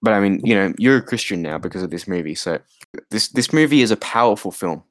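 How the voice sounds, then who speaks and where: A man's voice: on the low side, animated, quick pace, a bit bright, dry recording. A tired man co-hosting a podcast, chatting casually about a film and rambling with lots of fillers and laughs. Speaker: podcast co-host.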